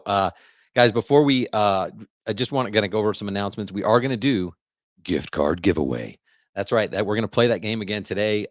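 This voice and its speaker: Male host, live show, chatty and upbeat, fillers everywhere; lower voice, dry booth sound. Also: no room sound. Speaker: podcast host. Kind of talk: casual live podcast talk.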